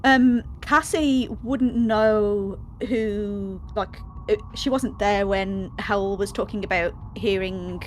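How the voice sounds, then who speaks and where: A woman's voice: medium pitch, steady tone, takes it slowly, few pauses, slight background noise. A woman playing in a tabletop game, rambling with ums and restarts, joking with the group. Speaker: player. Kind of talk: casual tabletop game chat.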